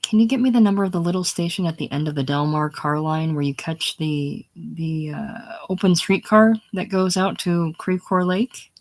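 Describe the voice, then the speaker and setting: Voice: mid-range voice, moderate pace, few pauses, close to an everyday voice, rough recording. A reader voicing Dorothea, an emotional, determined grown woman, in a casual play reading. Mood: pleading.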